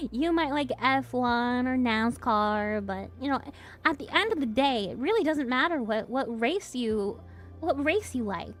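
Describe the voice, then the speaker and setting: A young woman with a fairly high voice chats on her stream, giggling often as she talks. Faint music plays behind her. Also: expressive, unhurried. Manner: giggly, laughs often, chatty. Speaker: streamer host. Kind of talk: casual chat with viewers.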